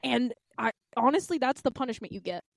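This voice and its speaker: A woman's voice: a little high, lively intonation, fairly quick, gravelly, no room sound. A woman in her twenties, co-hosting a podcast, telling stories with intense, dramatic passion and acting out quotes. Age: 20s. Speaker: podcast co-host. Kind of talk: casual chat.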